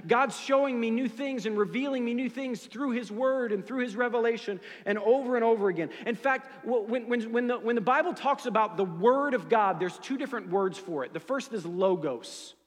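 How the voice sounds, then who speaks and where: A man preaching a sermon as pastor, swinging between loud emphatic lines and soft hushed ones. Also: extremely high pitch, normal speed, few pauses, long reverb tail. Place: church sanctuary.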